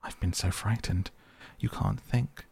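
A man's voice: sits low, steady tone, normal speed, creaky, a little mellow. A man voicing a timid, weary mole who speaks anxiously and pleads with his friend. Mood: frightened.

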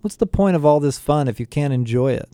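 A happy, easygoing skater dude in an audiobook, played by a male narrator. The voice is raised and bright in spirit but mellow in tone, and the recording is dry. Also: a little high, animated, a little fast, smooth, no echo, natural voice. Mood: cheerful. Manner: happy, laid-back. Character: cheerful easygoing young man, skater type.

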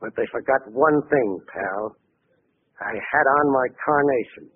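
Carnation Charlie, a vengeful gangster back from death. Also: male voice, medium pitch, breathy edge. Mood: menacing. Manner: slow, taunting, cold. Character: vengeful male gangster back from the electric chair. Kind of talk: 1940s radio acting. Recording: tinny old radio broadcast.

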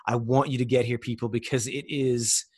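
A man's voice: mid-range voice, level tone, moderate pace, darkish tone, breathy edge. A man giving a spiritual self-help monologue, loose and rambling, swearing for emphasis and asking the listener question after question. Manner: emphatic and profane, with repeated rhetorical questions. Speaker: vlogger.

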